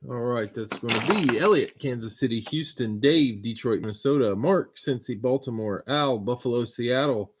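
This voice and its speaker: A man hosting a live stream, steadily reading out viewer names and teams with relaxed asides. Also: mid-range voice, normal speed, few pauses, slightly rough. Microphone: computer mic on a live stream.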